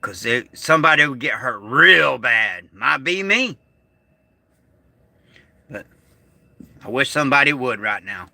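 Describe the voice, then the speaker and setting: A middle-aged American vlogger delivers an emotional monologue slowly and haltingly, pausing often and trailing off as he agitatedly struggles to hold back his anger. His medium-pitched voice is bright and sharp, with lively intonation and vocal fry, on a dry recording with no room echo.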